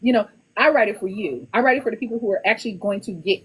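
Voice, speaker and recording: A woman author talking casually on a podcast, animated and laughing often, repeating words as she gets going. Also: medium pitch, very fast, few pauses, breathy edge. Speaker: author guest.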